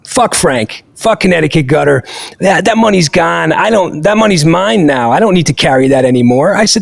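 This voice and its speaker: High, gravelly man telling a story. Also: moderate pace. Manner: animated, emphatic, swears freely. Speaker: podcast host. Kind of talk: casual podcast storytelling.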